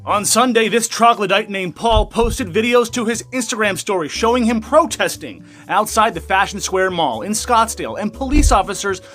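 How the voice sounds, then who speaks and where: A man's voice: high-pitched, lively intonation, moderate pace, few pauses, a bit bright, faint music behind. A young man ranting angrily through a news commentary, swearing and sarcastic as he reads out and mocks an article. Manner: profane, angry, sarcastic ranting. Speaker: commentary YouTuber.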